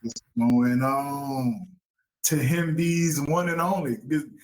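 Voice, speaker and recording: A man's voice: mid-range voice, level tone, takes it slowly, darkish tone, slight background noise, poor audio. A man hosting an educational talk show, speaking upbeat to the listeners as folks. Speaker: podcast host.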